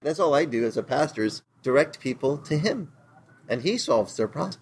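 A man's voice: mid-range voice, animated, moderate pace, slight background noise. A male pastor giving a casual, conversational sermon in plain, slangy words, acting out the voices he quotes as he tells the story.

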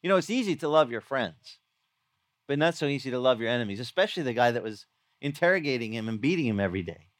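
A man's voice: medium pitch, animated, fast, no room sound, clean studio sound. A middle-aged man preaching a sermon in a conversational, storytelling way, acting out quoted lines. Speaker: pastor. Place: outdoor beach gathering.

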